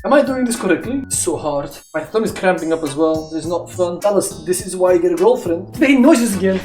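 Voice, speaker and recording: Excitable young man, echoey kitchen. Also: high-pitched, fast. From Belgium. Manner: excitable, swears often, loud sudden outbursts. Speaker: streamer. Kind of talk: live-stream chat while cooking. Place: home kitchen. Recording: echoey kitchen with faint music.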